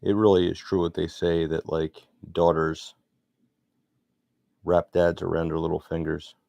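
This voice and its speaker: Low, gravelly middle-aged man. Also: level tone, measured pace, a little mellow, dry recording. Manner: rambling, chatty, self-deprecating. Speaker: sculptor vlogger. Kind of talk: casual narration while sculpting.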